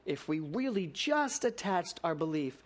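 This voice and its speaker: A male minister giving a sermon in a lively storytelling way, mixing laughter and rhetorical questions for his congregation. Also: fairly high pitch, a little slow.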